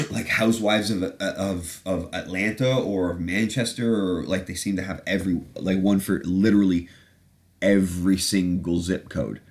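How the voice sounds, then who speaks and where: A man hosting a podcast in casual chat, rambling, sarcastic and profane. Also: low-pitched. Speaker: podcast host.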